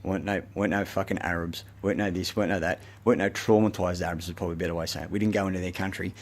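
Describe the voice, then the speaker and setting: Very fast and steady in tone, an Australian man's low voice pours out a rambling, swear-filled rant he's recording to camera. He sounds agitated throughout.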